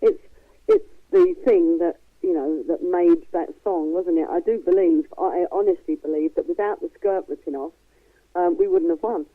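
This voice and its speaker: A middle-aged woman with a softened East London accent, a guest chatting frankly and laughing easily. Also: fairly low pitch, expressive, moderate pace, dry recording, phone-quality sound. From East London, England. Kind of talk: casual chat.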